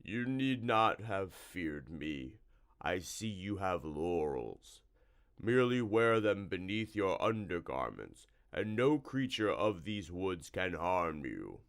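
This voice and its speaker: Man putting on a slimy cowardly swamp monster, slow wobbly drawl, shrill when spooked, low-pitched underneath, storybook reading. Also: very animated, full character voice.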